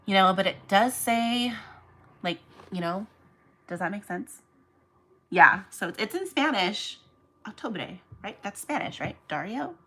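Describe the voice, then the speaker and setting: Female livestream host, lowish voice, bright and forceful; chatty, rambling reseller packing orders and addressing viewers. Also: rough recording. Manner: chatty and rambling, goes off on tangents, talks to viewers by name. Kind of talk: casual livestream chat while packing orders.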